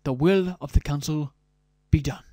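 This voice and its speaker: A pompous council announcer in a video game proclaims the new laws, performed by a man who reads it aloud in a slightly high voice. He stumbles and restarts over the long formal words. The delivery stays stiff and official. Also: normal speed, mellow, no echo, lightly acted. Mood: proclaiming.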